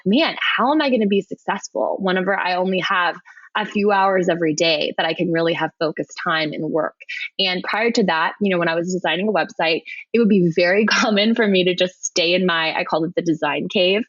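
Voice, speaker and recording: A woman in her thirties, a web designer telling her story as a podcast guest, animated and laughing often. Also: fairly low pitch, dry recording, lo-fi sound. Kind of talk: conversational storytelling.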